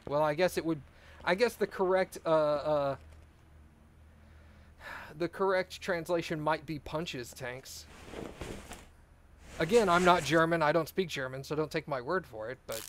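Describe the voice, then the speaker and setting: A man with a fairly high voice rambles and jokes with his viewers while playing a car repair game. His casual chat comes with a faint hiss of noise in the background. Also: a little slow, long pauses. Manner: rambling, joking, chatty with viewers. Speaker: let's play streamer.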